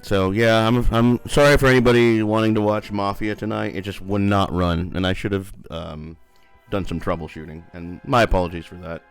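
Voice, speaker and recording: A man's voice: lowish voice, fairly even intonation, normal speed, hardly any pauses, clear, resonant tone, dry recording. A man streaming a video game, chatting casually in a rambling, filler-heavy way. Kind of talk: casual gaming stream chat. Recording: faint game music behind.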